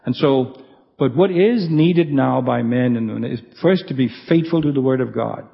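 A pastor giving an earnest expository sermon, slowing down to stress scripture as he reads it aloud. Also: mid-range voice, gravelly, long reverb tail, lo-fi sound.

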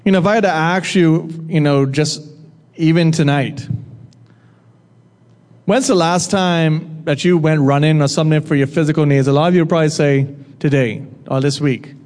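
A man delivering a sermon with a slightly raised pitch, talking to the room as if chatting with it. He puts questions to the crowd and teases them now and then. His voice rings out with a long reverb, as in a large hall. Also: fairly even intonation, normal speed, darkish tone. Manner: conversational, asks the audience questions and jokes with them. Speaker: preacher.

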